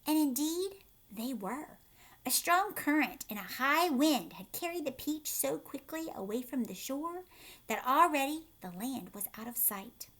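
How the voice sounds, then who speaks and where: A woman's voice: high-pitched, lively intonation, a little slow, fairly bright tone. A woman reading a children's book aloud as a teacher, narrating expressively, asking her listeners questions and often dropping to a whisper.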